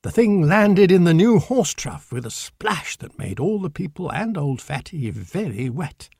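A man narrates a children's storybook slowly and deliberately, his gravelly, husky voice rising and falling with lively expression. He sits a little higher than most men. The recording is close and dry. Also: no echo. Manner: slow, clear, deliberate reading.

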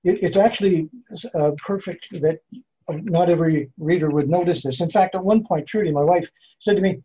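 Male poet, interview guest, husky and slightly high, careful measured delivery. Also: dark tone. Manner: measured, explanatory, slows down to spell out meter. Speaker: poet and author being interviewed. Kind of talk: thoughtful interview answers. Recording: dull lo-fi sound.

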